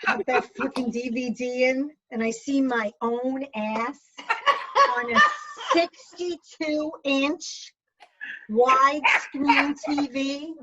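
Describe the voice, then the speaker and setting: A woman's voice: high-pitched, fairly even intonation, takes it slowly. A woman doing a stand-up comedy set from home, crude and self-mocking in her punchlines. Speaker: stand-up comic. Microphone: video call computer mic. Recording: muffled video call audio with background hiss.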